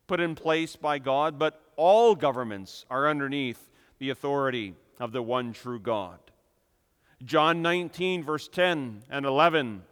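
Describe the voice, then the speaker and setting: A man preaching a sermon with emphatic delivery, building to loud, impassioned peaks. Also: fairly high pitch, smooth. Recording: long reverb of a hall.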